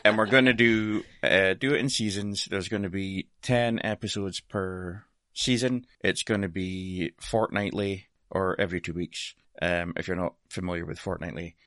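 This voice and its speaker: A man's voice: deep voice, fairly even intonation, moderate pace, few pauses, fairly bright tone, no room sound, clean studio sound. A Scottish man chatting casually on a podcast, laughing often and swearing in a self-deprecating way. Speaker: podcast guest presenter. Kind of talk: casual chat.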